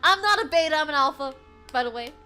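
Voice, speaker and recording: Bright, high-voiced woman streamer. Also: fast talker, faint music behind. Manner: animated, laughs often, swears freely. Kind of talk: casual chat.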